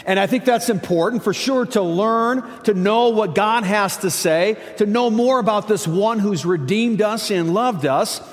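A pastor delivers his sermon in a high, emphatic voice, breaking often into casual asides to the congregation. His words ring out with a long reverb from the church hall around him. He moves between plain talk and stressed, declarative lines. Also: measured pace, few pauses. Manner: conversational, emphatic, with many asides.

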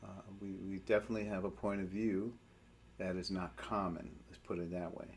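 A man leading prayer and a Bible study, speaking in a halting way as he searches for words. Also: deep voice, steady tone, a little hiss or hum.

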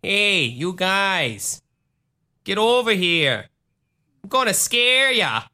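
Man doing a Wisconsin-accented cryptid monster, slow teasing drawl, high and bright. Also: very animated, exaggerated voice. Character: cheese-loving male bear-dog cryptid with Wisconsin accent.

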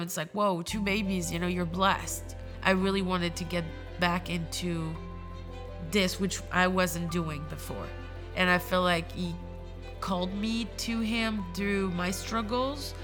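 A woman in her thirties giving a halting, emotional personal testimony at church. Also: on the low side, over music. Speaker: church member sharing testimony.

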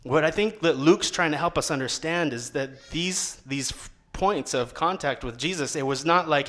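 A man's voice: a little high, moderate pace. A young man, a seminary student, preaching a casual sermon in a conversational way and acting out quotes. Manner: conversational, lively, acts out quotes with rising voice.

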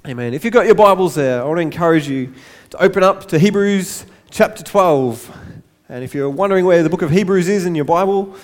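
A man's voice: high-pitched, brisk, few pauses. A man pastor giving a sermon in church, light-hearted, with self-deprecating asides.

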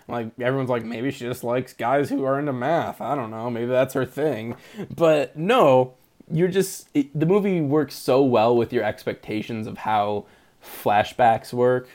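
Young guy rambling excitedly bout sci-fi films, laughs a lot, average pitch. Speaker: podcast co-host. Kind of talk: casual movie chat.

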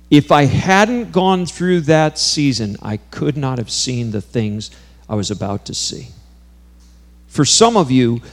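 A man preaching a sermon, telling a personal story in an earnest way that builds to intense, emphatic peaks. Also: medium pitch.

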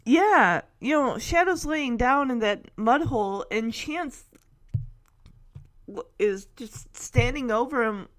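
A woman retelling a film in an emotional, halting way, full of restarts. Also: fairly high pitch, lively intonation, fairly bright tone.

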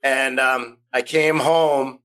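A man's voice: mid-range voice, fairly even intonation, slow pace, a bit bright, low-quality recording. A man in his fifties from the United States, a podcast guest telling rambling stories, restarting sentences and acting out the voices he quotes. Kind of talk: casual storytelling interview.

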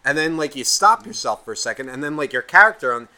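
A man co-hosting a podcast, telling a gaming story in animated, profanity-heavy casual chat. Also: on the high side, quick pace. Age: adult, past eighteen. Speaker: podcast co-host.

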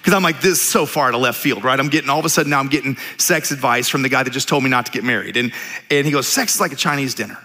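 Animated male pastor preaching in a hall. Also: mid-range voice, rapid-fire. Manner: animated storytelling, jokey asides. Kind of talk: sermon. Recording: reverberant church hall.

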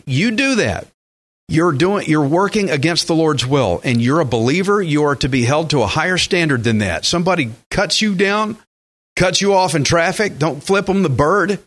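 A man preaching a radio sermon in an animated way, acting out quotes with big jumps in his voice. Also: a little high, moderate pace. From Texas. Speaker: pastor.

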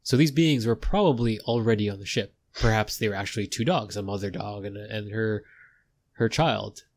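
A man's voice: on the low side, normal speed. A man narrating a tabletop game as game master, in a loose, rambling way.

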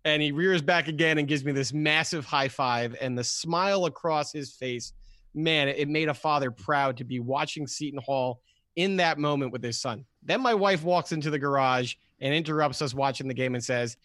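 A man co-hosting a sports podcast, telling animated stories and stumbling over repeated words. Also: a little high, moderate pace, no echo. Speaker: podcast co-host. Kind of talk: casual sports podcast chat.

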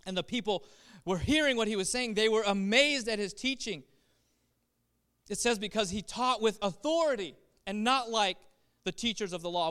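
A man preaching a sermon in a high, bright and clear voice. He builds emphasis through repeated phrases and rhetorical questions, rising and falling as he drives each point home. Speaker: pastor.

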